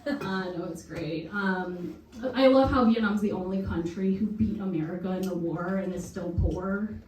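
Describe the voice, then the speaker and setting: A woman's voice: medium pitch, moderate pace. Young woman doing stand-up, echoey room. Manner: deadpan, laughing at own jokes. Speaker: stand-up comic. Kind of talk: stand-up comedy set. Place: basement comedy show. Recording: echoey basement, far from mic, crowd. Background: audience laughter.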